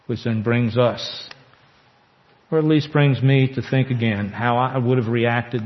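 A man preaching a sermon as pastor, earnest, with slow emphatic pauses. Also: mid-range voice, steady tone. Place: church sanctuary. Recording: echoey church hall, dull lo-fi sound.

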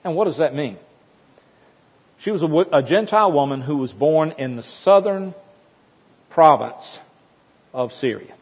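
Husky preacher man in an echoing hall. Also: a little high, lively intonation, unhurried, long pauses. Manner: dramatic storytelling with emphatic repetition. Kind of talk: sermon. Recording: dull sound with long hall reverb.

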